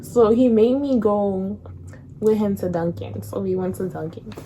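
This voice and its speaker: A young woman tells a breakup story in casual slang, laughing often and acting out quotes in a higher voice. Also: unhurried, mellow, slight background noise. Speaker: vlogger.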